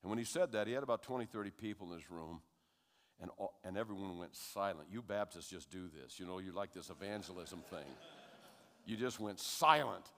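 A man's voice: sits low, brisk. Older male preacher in reverberant hall. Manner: conversational storyteller who grows loud and animated. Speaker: preacher giving testimony. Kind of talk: sermon storytelling. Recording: long reverb of a large hall.

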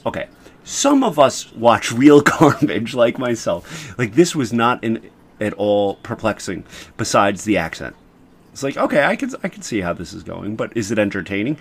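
A man, a podcast co-host, chatting casually in an animated, laughing, rambling way. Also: medium pitch, moderate pace, slightly rough. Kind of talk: casual chat.

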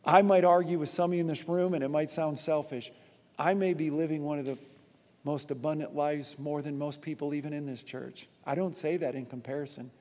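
Emphatic pastor preaching in a reverberant hall. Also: male voice, fairly high pitch, a little fast. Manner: animated, emphatic repetition. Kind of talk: sermon. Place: church auditorium with long reverb.

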